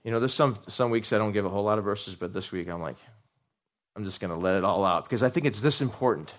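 Animated male preacher, lively pitch. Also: fast talker. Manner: animated, repeats words for emphasis, asks the congregation questions. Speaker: pastor. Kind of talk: sermon.

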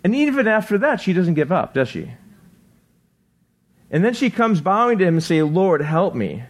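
A man delivers a sermon in a relaxed, conversational manner, his voice sitting a little higher than most men's. He reads passages aloud, acts out the quoted lines, and keeps asking his listeners "right?" as he goes. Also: moderate pace. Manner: conversational, often asks "right?". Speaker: pastor.

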